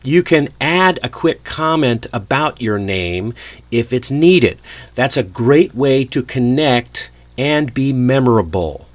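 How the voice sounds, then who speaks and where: A man teaching English in a lively, friendly way, often chuckling to himself. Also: medium pitch, slow pace, lo-fi sound. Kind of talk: casual lesson delivery.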